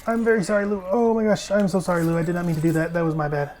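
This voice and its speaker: This gaming streamer's voice sits high with little pitch movement, and his speech comes rapid-fire. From a desk chair at home, he chats loosely over his gameplay, cursing a lot and erupting now and then into loud outbursts.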